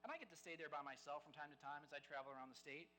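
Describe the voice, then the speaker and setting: Male guest speaker, animated conversational storyteller, bright forceful tone, rapid delivery. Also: on the high side, faint music behind, poor audio. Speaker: guest speaker at a game dinner. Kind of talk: live storytelling speech to a dinner crowd.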